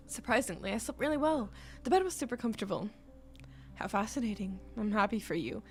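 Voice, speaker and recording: A streamer talking casually while playing a game, giggly and dramatic, reading dialogue aloud, with faint game music in the background. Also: female voice, fairly high pitch, animated, moderate pace, pauses often.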